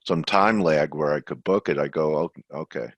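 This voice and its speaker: A man's voice: a bass voice, moderate pace, husky, dry recording. A man hosting a trading webinar who chats casually with his guest. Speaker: webinar host. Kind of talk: casual interview.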